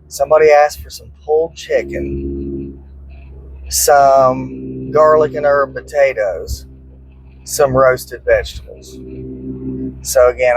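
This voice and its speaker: A man's voice: mid-range voice, a little hiss or hum, low-quality recording. A man hosting his barbecue cooking channel, chatting casually and joking at his own expense while riding in a car. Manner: easygoing, joking, self-deprecating. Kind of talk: casual vlog chat. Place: inside a car.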